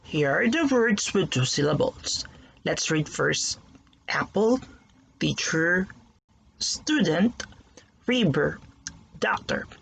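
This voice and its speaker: A teacher giving a recorded lesson to young pupils, slowly sounding out words syllable by syllable. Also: medium pitch, big pitch swings, creaky, fairly bright tone, slightly rough, poor audio.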